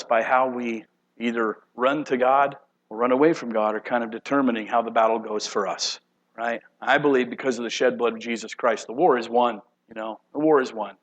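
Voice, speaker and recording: A man preaching a sermon dramatically, shifting between loud outbursts and hushed, low passages. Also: low-quality recording. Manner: dramatic, acts out voices of God and angels, swings from loud to hushed. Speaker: pastor.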